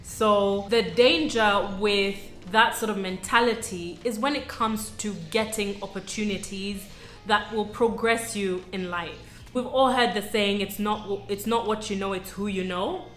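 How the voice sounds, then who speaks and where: A woman's voice: medium pitch, steady tone, unhurried, a bit bright. A young adult woman from Sudan telling her own story to camera, earnest and reflective, chatty with many asides. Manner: earnest, reflective, conversational with frequent "you know" and "like". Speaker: vlogger. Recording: roomy echo with faint music.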